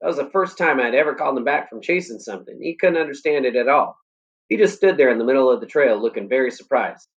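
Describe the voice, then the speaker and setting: A male teacher reading a novel aloud in a steady, plain way, with small stumbles and brief teaching asides. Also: medium pitch, fast talker, muffled recording.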